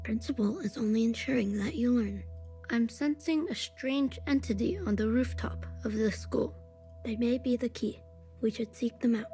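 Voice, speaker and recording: A woman voicing a young female school secretary in a video game, with a calm, even, robotic delivery. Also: on the high side, moderate pace, close to an everyday voice. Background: faint game music.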